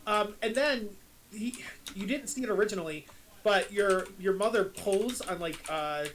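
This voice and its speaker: Halting, self-mocking man running the game. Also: high voice, a bit bright, slight background noise, low-quality recording. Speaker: game master. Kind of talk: narrating a tabletop game.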